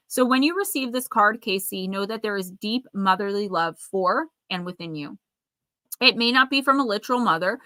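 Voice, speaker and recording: A woman's voice: medium pitch, no echo, low-quality recording. A woman giving an intuitive oracle card reading on a live stream, chatting and reading card meanings aloud. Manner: chatty, reads card text aloud softly.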